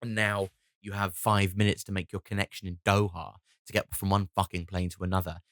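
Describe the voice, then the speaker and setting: A man's voice: low voice, little pitch movement, fairly quick, fairly bright tone, no room sound. A tired man in his thirties hosting a solo comedy podcast, rambling with many restarts and casual swearing. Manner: swears casually, wry and self-mocking. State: tired from lack of sleep.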